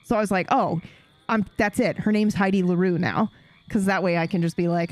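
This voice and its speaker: A woman streamer talking loosely to her chat as she plays, with a medium-pitched voice that sits right in the middle of her range. She swears freely and laughs easily. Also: fairly even intonation, a little fast, a little mellow. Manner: chatty and profane, laughs often. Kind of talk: casual chat to a live stream audience while playing a game.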